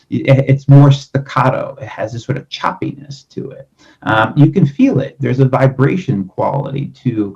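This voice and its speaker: Brief: male podcast guest, gravelly tone, calm steady explaining, slightly muffled lo-fi audio. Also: fairly low pitch. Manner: calm, explanatory, many "kind of" hedges. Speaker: guest expert. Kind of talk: podcast conversation.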